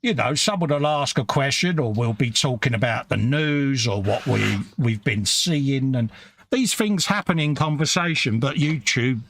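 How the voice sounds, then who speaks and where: Male co-host, gravelly voice, animated pitch, casual banter, reads out chat. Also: moderate pace, a little hiss or hum. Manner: chatty, reads out viewer comments and greets them. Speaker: co-host of a live modelling stream. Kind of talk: casual live-stream chat.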